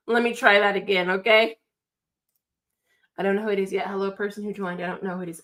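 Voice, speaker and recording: A woman's voice: medium pitch, flat delivery, fast talker, pauses often, fairly bright tone. A woman hosting a football call-in livestream, chatting casually with an upbeat, talkative manner and frequent repeated phrases. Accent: non-standard accent, remarked on by a viewer.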